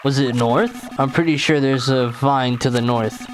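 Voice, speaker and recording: A man's voice: medium pitch, unhurried, slight background noise, lightly acted. A man reading as a bossy old cave guide. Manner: plain reading of game dialogue. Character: talkative older man guiding through a cave.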